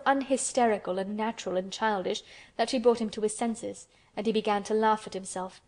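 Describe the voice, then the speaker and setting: A woman narrating a classic children's novel as an audiobook, in a gentle, even storytelling manner. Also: medium pitch, brisk.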